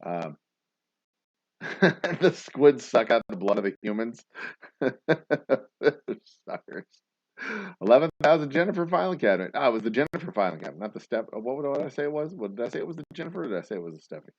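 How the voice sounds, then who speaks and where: A man's voice: mid-range voice, very animated, a little fast, breathy edge, no echo, muffled recording. A man hosting a casual livestream chat, rambling and sarcastic, with plenty of swearing. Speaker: host.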